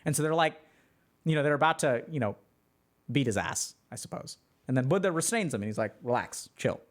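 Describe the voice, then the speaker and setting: Man, streamer host, relaxed chatty explainer with fillers, slightly higher-pitched voice. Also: a little fast. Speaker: streamer answering chat. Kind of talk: casual livestream talk.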